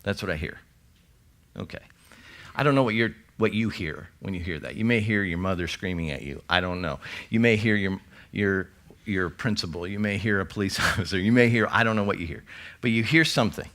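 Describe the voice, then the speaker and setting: Guy preaching a sermon, kinda low voice, reads verses then chats about them. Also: a bit bright. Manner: conversational preaching with scripture readings; quick asides to the congregation. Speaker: pastor.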